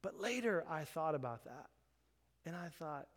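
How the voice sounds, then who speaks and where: A man in his thirties preaching a sermon, telling a story and acting out the quoted voices with lively energy. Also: a little high, normal speed. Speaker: pastor. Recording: long hall reverb.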